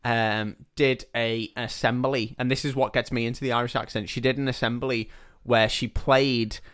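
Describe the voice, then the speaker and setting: A man's voice: mid-range voice, flat delivery, moderate pace, fairly bright tone, smooth. Chatty man retelling a film. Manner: chatty, retelling a film with acted quotes, laughs often. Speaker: podcast co-host. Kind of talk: casual chat.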